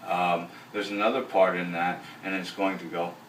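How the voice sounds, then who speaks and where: A man teaching a bass lesson in a relaxed, rambling way, counting beats aloud as he explains. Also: normal speed, soft background music. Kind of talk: casual video lesson. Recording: roomy, voice from a distance off the mic.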